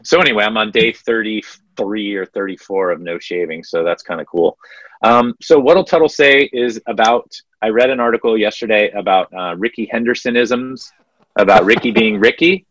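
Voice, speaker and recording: Low-voiced man telling sports stories. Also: moderate pace, dry recording, dull audio. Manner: storytelling, animated retelling of anecdotes. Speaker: podcast co-host. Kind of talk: casual sports podcast chat.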